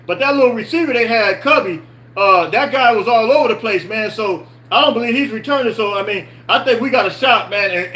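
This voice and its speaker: Male podcast host, very high and bright voice, casual live-stream sports chat, repetitive and rhetorical. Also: low-quality recording. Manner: repeats himself, rhetorical questions, answers chat comments.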